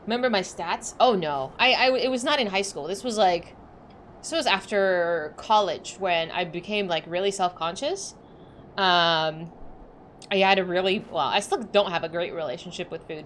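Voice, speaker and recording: A young woman streamer with a medium-pitched, slightly bright voice chats casually while livestreaming a game, with slight background noise. She rambles as she plays, full of "likes" and restarts.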